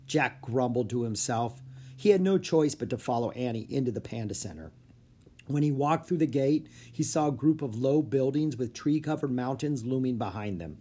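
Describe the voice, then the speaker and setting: An expressive reader telling a children's chapter book aloud. The voice rises and falls in lively pitch, with a slightly husky tone. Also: normal speed. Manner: expressive storytelling. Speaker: audiobook narrator.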